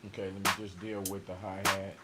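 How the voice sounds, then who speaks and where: A man producer talking casually to himself while he mixes a beat, relaxed and muttering, with louder asides to his viewers. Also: sits low, brisk, over loud music. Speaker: music producer streaming a mixing session. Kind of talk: casual talk-through while mixing a beat. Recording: loud background noise.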